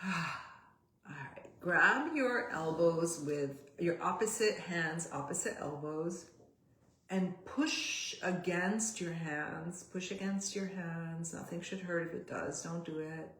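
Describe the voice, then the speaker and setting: A woman coach leading a guided body exercise session, giving gentle step-by-step cues and sighing out loud along with the listeners. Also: lowish voice. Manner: gentle, slow cues with audible sighs. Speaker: somatic coach. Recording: roomy echo.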